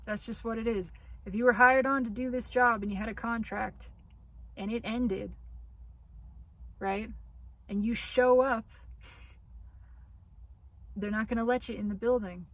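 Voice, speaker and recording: A woman giving a spiritual tarot reading to her audience. She talks slowly, repeats her phrases and reassures the listener, and her voice is wearing thin as she loses it. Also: a little high, steady tone, fairly bright tone, rough recording. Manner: slow, repetitive, reassuring phrasing. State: losing her voice. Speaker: tarot reader.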